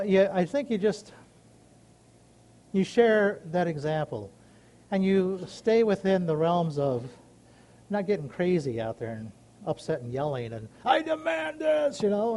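A man's voice: high voice, warm tone. A man giving a casual, rambling devotional talk, telling everyday stories in an earnest, folksy way. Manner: earnest, rambling, folksy storytelling with many asides. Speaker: Christian speaker sharing a personal story.

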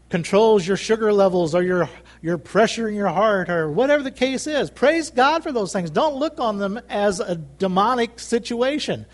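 High-voiced man preaching a sermon. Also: expressive, moderate pace. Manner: emphatic, repeats phrases, calls for amens.

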